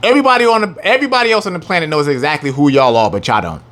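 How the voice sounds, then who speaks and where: A man delivers a scripture lesson in a fairly high voice that leaps up and down. He mocks his listeners bluntly, swears freely, and slows right down to stress each word of the verses he reads. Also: expressive, a bit bright. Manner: brash and profane, taunting the listeners; reads verses slowly with heavy emphasis. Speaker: scripture teacher.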